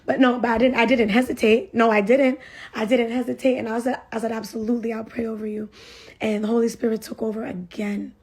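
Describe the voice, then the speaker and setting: A woman's voice: fairly high pitch, little pitch movement, brisk, darkish tone, breathy edge. A young woman giving a casual spoken testimony, chatty, full of fillers and repeated phrases. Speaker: churchgoer sharing a testimony.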